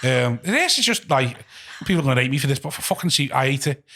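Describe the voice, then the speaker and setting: A man's voice: mid-range voice, very animated, pushed and bright, breathy edge. A man with a Scouse accent hosting a casual comedy chat, blunt and sweary in his stories. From north Liverpool. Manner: blunt, sweary, fast-talking. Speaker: comedy podcast host.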